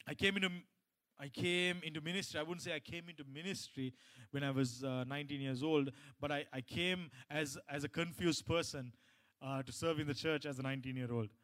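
Male pastor delivering a sermon, rising to loud high emphasis, dropping low for stories, mid pitch. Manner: swings from loud emphatic preaching to quiet personal storytelling; many restarts and repeated phrases.

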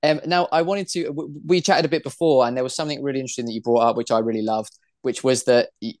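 A man's voice: mid-range voice, fairly even intonation, quick pace, a little mellow, no room sound, clean studio sound. A young man hosting a podcast interview, affirming his guest and stumbling over repeated words as he starts sentences. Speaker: podcast host. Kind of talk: casual interview chat.

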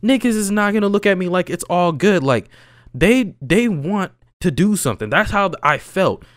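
Young man, casual storyteller, lively pitch, slangy, dry close sound. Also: normal speed, dry recording. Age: young adult. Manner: animated, slangy, swings between loud and low.

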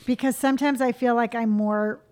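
A woman from California chatting casually as host, talking quickly and freely. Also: on the high side, fairly even intonation, darkish tone. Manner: quick, chatty, self-described fast talker. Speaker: YouTuber and host. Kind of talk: casual chat.

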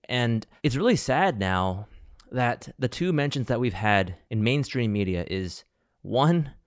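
An American man hosting a casual interview, soft-spoken and sympathetic. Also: medium pitch, animated, unhurried, no room sound, clean studio sound. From United States. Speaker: interview host.

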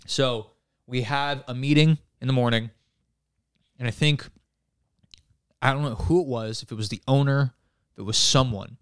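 A man telling a story in a casual podcast chat, profane and animated, acting out the people he quotes. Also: medium pitch, normal speed, long pauses, clear, resonant tone, no room sound, studio quality. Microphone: handheld mic.

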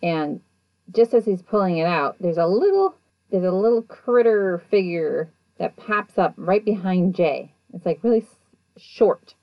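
A woman casually retelling events in a chatty, animated way, acting out what people said. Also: lowish voice, a little slow, no room sound, lo-fi sound. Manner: chatty, animated, acts out quotes. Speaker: show recapper. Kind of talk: casual storytelling recap.

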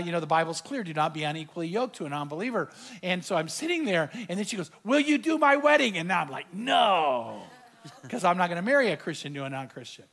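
A middle-aged male pastor with a fairly high, fairly bright voice preaches a sermon. He tells a personal story and animatedly acts out the dialogue he quotes.

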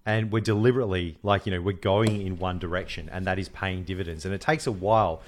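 A man's voice: low voice, fairly even intonation, fast talker. An Australian man co-hosting a podcast, bantering in a casual, matey way. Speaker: podcast co-host. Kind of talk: casual chat.

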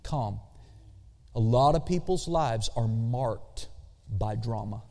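A creaky, dark, mid-range male voice carries this sermon in a church sanctuary. The pastor draws out key words slowly and asks for responses. Long church reverb colors the recording.

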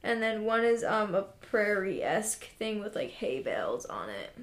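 A woman's voice: medium pitch, very animated, a little slow, reverberant. A young woman co-hosting a podcast, chatting casually and sarcastically with many fillers. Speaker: podcast co-host.

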